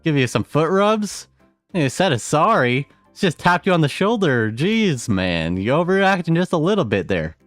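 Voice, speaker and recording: A man's voice: a little high, big pitch swings, moderate pace, no room sound, soft background music, pitched above the performer's own voice. A man voicing an exasperated father who answers with sarcasm. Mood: sarcastic. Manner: sarcastic, incredulous. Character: exasperated father defending his son.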